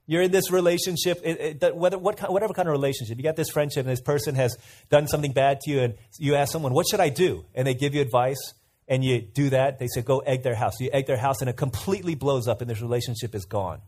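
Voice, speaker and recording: A man's voice: mid-range voice, steady tone, fast talker, darkish tone. A man preaching a sermon in a conversational way, asking listeners questions and telling stories. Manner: conversational, asks the audience questions, tells anecdotes.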